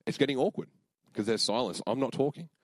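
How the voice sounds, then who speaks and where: A man's voice: mid-range voice, animated, fast, no room sound. A young man preaching a sermon, telling a personal story in a casual, earnest way with many fillers and moments of emotion.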